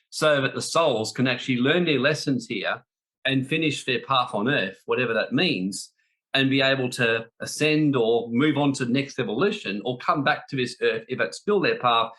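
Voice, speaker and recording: A man delivers a spiritual talk in a bright, forceful voice. He is blunt and emphatic, doubling up phrases to drive each point home, with his pitch sitting in an ordinary middle range. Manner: blunt, emphatic, repeats for stress. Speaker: spiritual teacher.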